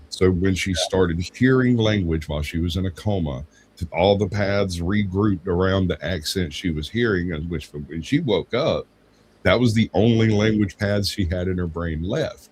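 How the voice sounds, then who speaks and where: A man's voice: deep voice, a little mellow, a little hiss or hum, rough recording. A man co-hosting a casual talk show, telling long rambling anecdotes and acting out the people in them. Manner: rambling anecdotes with acted quotes. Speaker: podcast co-host. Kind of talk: casual storytelling chat.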